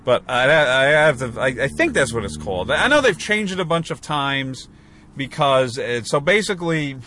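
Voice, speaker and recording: A podcast co-host chats casually in a mid-range voice that swings widely in pitch, speaking at normal speed with a pushed, bright sound. He rambles with many fillers and restarts, and there's slight background noise.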